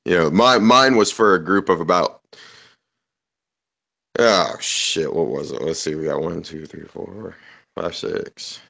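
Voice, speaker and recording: A man's voice: low voice, measured pace, vocal fry, long pauses, a bit bright. A man in casual chat on a voice call, telling rambling, profane stories and laughing often. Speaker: podcast host.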